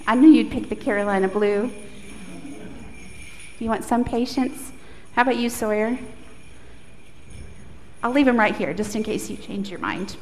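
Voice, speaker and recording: A woman pastor leading a prayer, then telling a story to children in an animated, coaxing way. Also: mid-range voice, moderate pace, pauses often. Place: church sanctuary. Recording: echoey church hall, faint noise.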